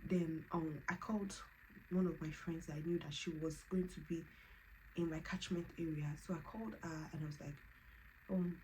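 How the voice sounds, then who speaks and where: A woman's voice: sits low, moderate pace, a little hiss or hum, low-quality recording. A woman, telling her personal story in a vlog and acting out what others said. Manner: animated, quotes others in lively voices. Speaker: vlogger.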